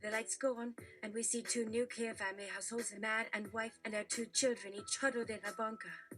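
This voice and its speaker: A woman plays a cocky male performer who pitches his act with brash boasts. Her voice is bright and forceful, with faint music in the background. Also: little pitch movement, a little fast, natural voice. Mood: boastful.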